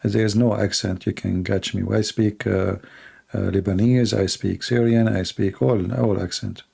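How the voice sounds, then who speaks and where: Gravelly, dark-voiced man talking bluntly. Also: on the low side, fairly even intonation, moderate pace. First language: Arabic. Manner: blunt, repetitive, emphatic. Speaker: show host answering viewer questions. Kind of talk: casual live-stream talk.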